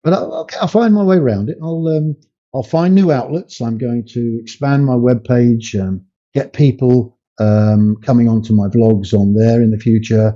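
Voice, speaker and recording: A man's voice: moderate pace, warm tone. An older man talking as a podcast guest, emphatic, his voice climbing when he makes a point. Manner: emphatic, rising in pitch when making a point. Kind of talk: conversational interview. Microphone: video call. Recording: muffled lo-fi remote call audio.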